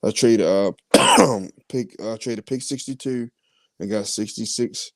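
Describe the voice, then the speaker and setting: A man hosting a podcast, reading out his mock draft picks in a casual, halting way with many fillers. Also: fairly low pitch, no room sound. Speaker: podcast host.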